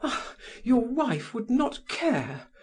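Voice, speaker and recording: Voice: very animated, slow, exaggerated voice. Reader voicing a desperate lovesick society woman. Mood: pleading. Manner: pleading, high-pitched and breathy. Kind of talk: audiobook character voice.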